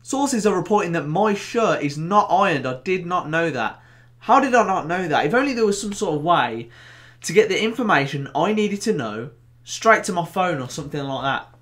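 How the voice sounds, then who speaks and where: A young man with a Birmingham accent hosting a casual football vlog, animated and jokey, with bursts of excitement. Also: high-pitched, normal speed. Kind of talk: casual to-camera football chat.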